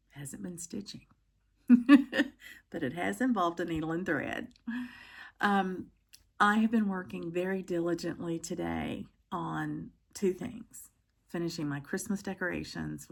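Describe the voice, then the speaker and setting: Middle-aged woman vlogging from home, gravelly bit husky voice, lots of ums. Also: lowish voice. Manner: chatty, many ums and pauses. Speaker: cross-stitch vlogger. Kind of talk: casual chat to camera.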